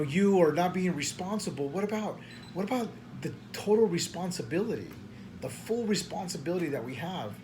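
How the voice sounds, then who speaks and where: A high-pitched man with a drawl rambles and vents in the small hours, stammering through restarts with a frustrated, slangy edge. Faint room ambience sits behind him. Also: darkish tone, a little hiss or hum. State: tired at night. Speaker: preacher. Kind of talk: late-night rambling vent.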